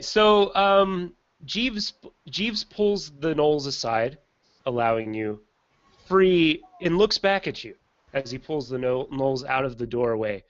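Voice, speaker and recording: A man narrating a tabletop game as game master, in a relaxed, chatty way with frequent ums. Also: mid-range voice, no room sound. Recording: slightly dull lo-fi recording.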